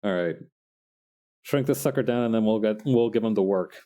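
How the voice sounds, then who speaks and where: A young man casually chatting while he makes digital art, self-mocking and quick to laugh. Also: fairly low pitch, mellow. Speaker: digital artist streamer. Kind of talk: casual narration while drawing.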